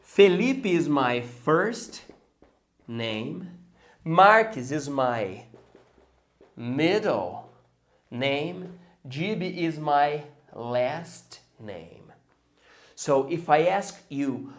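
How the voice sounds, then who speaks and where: A man with a Brazilian Portuguese accent, a native Portuguese speaker, teaching English and drilling each word deliberately and repeating phrases. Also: a little high, expressive. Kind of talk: slow, deliberate English lesson.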